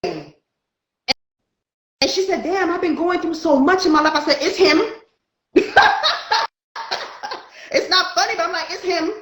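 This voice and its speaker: A woman's voice: very high voice, moderate pace, pauses often, echoey room, low-quality recording. A woman, a spiritual light worker, telling a story in casual chat and acting out the dialogue. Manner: animated, acts out dialogue in her story.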